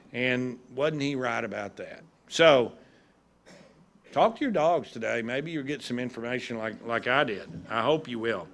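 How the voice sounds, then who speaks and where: A man with a drawl and a gravelly edge to his voice, speaking at a graduation ceremony. He tells folksy, humorous stories at a middling pitch, like a judge at ease with a crowd. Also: lively intonation, normal speed, a bit bright. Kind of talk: ceremony speech.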